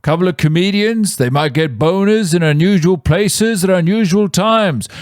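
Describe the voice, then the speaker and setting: A loud, pompous inspector, put on by a man in a comic podcast bit. He is brash and self-assured, and sounds very certain of himself. The recording is dry and close. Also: sits high, normal speed, no room sound, voice pushed up, lightly acted. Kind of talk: comedic podcast character bit.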